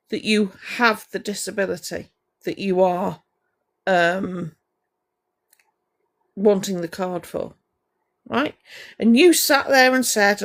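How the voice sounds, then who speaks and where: A woman ranting on a livestream, her voice gravelly with vocal fry. She speaks slowly and deliberately, scolding someone and breaking off to greet viewers by name. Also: mid-range voice. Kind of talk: ranting livestream monologue to chat.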